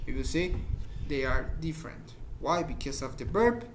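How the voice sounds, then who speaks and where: High-voiced man teaching English slowly. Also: animated, a little hiss or hum. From Mexico. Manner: explains slowly with repeated examples, searches for words. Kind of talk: informal grammar lesson.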